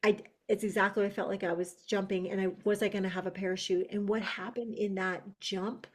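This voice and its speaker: A woman's voice: medium pitch, fairly even intonation, brisk. A woman guest on a podcast telling a personal spiritual story in an earnest, emotional way, often restarting her sentences.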